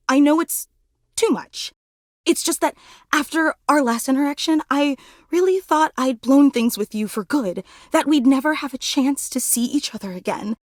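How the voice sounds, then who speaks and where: A woman's voice: high voice, no room sound, studio quality. An actress playing an emotional, clingy superfan woman who gushes, apologizes and puts herself down, in a video game. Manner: effusive, self-deprecating, emotional. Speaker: game character.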